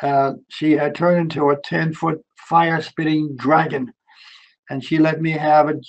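Older preacher telling a story. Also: male voice, on the high side, flat delivery, unhurried, creaky, muffled recording. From Germany. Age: 70s. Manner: earnest storytelling with many uh fillers and emphatic repetitions. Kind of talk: sermon.

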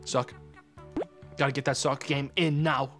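A man's voice: mid-range voice, level tone, a little slow, fairly bright tone. A young man streaming a kids' game, sarcastic and profane, mocking the characters. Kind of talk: casual let's-play commentary. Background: game music.

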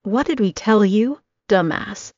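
A woman voicing a menacing, brutish best man who snaps and shouts. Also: lowish voice, unhurried, vocal fry, dry recording, dull audio. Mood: angry. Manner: shouting, snapping.

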